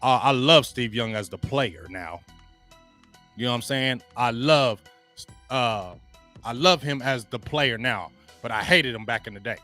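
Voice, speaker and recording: A man ranting excitedly on a sports talk show, slangy and repetitive, working himself up with chant-like calls. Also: mid-range voice, a little slow, soft background music.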